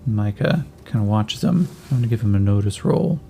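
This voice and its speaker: Male game master, gravelly and mellow, laid-back tabletop narration. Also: lowish voice, normal speed, a little hiss or hum. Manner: relaxed, hesitant with fillers.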